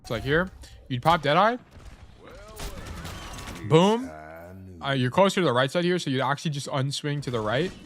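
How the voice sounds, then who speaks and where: A man's voice: a little high, fast, a bit bright. A man coaching a player through a casual gameplay review, blunt, swearing freely and often correcting himself while he eats. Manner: talks while eating. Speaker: game coach.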